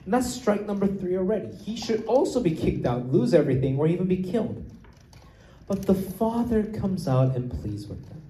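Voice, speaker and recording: A man's voice: fairly high pitch, mellow, slight background noise. A man preaching a sermon, explaining scripture and often asking "right?" as he goes. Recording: roomy echo.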